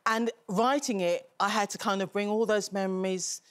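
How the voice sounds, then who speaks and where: Woman author on a talk show, mid pitch, thoughtful and halting. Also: fairly even intonation. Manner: reflective, halting. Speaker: author guest.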